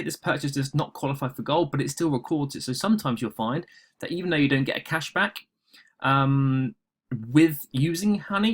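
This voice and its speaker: Man from the UK, mid-pitched, rambling screen walkthrough for his channel, heavy on fillers and asides. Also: a bit bright. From United Kingdom. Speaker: online seller and channel host. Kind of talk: casual screen-recording walkthrough.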